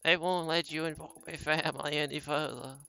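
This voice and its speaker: A man voicing a frail, fearful grandmother who pleads and warns in a slow, quavering way. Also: fairly high pitch, flat delivery, creaky, pushed and bright, clear, resonant tone. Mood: warning. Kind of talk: reading game dialogue aloud.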